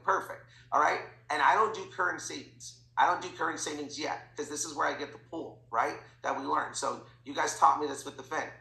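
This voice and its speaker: A man giving a sales training talk to his team, talking fast and acting out bits of dialogue with clients. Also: creaky. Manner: fast, animated, slips into quoted voices. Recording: echoey room with faint rumble.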